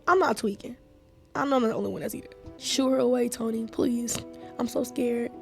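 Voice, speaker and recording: A woman playing a horror game, reading its text aloud in a hushed voice and breaking off into loud, profane reactions. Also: a little high, brisk, gravelly, soft background music. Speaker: gaming streamer.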